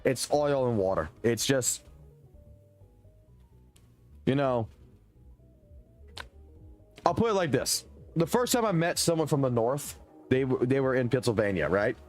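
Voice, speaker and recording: A man's voice: mid-range voice, measured pace, pauses often, faint music behind. A young man from Louisiana with a Southern US accent, ranting and swearing in loose livestream commentary close to his mic. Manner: animated, profane, rambling rant. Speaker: streamer. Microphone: close desk mic.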